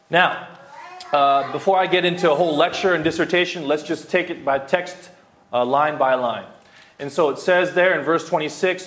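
A man in his thirties gives an expository sermon, going through the text verse by verse in a fairly bright, somewhat high voice. He talks with emphasis, repeating important phrases and dropping in many fillers, against a roomy hall echo.

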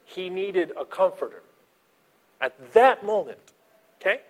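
A man preaching a sermon as a pastor, animated, swinging between soft asides and loud emphasis. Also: high-pitched, a little slow.

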